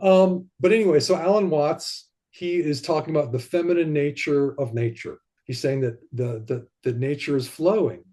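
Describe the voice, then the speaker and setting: A man talking as a podcast guest in casual conversation, rambling and animated, and sometimes acting out the voices he quotes. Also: fairly high pitch, normal speed, hardly any pauses.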